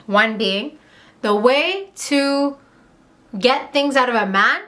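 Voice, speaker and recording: A young woman from Montreal tells her story straight to the camera, candid and fired up, dropping curses and quick asides. Her voice is bright and a touch high, with a forceful edge. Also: expressive. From Montreal, Canada. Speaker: vlogger. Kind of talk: casual storytime vlog.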